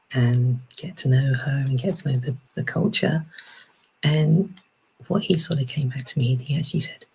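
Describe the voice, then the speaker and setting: A woman from England, a podcast guest in casual chat, soft-spoken and breathy, with halting restarts. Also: rumbling low, low-quality recording.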